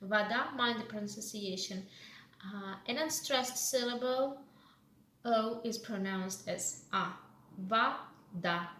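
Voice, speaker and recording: A woman walks through a beginner lesson, explaining each phrase slowly and patiently. Her voice sits fairly high. It is recorded in an echoey room with a faint hiss. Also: fairly bright tone. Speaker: language teacher. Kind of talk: walkthrough lesson commentary.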